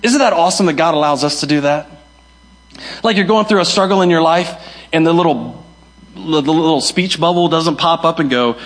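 Animated high-voiced male preacher. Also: normal speed. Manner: animated preaching with sudden high shouts and soft drops; acts out the voices of people he quotes. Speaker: pastor. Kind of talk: sermon.

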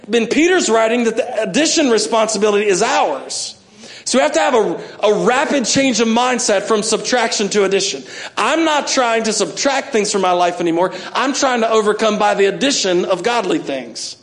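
A man's voice: high-pitched, animated, moderate pace. A middle-aged man, preaching a sermon and telling stories with self-mocking humor and acted-out asides. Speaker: pastor.

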